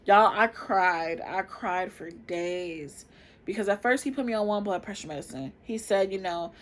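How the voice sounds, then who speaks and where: A woman in her twenties telling a personal story to camera in a chatty, expressive way, often calling out to viewers. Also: medium pitch, moderate pace. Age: 20s. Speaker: vlogger.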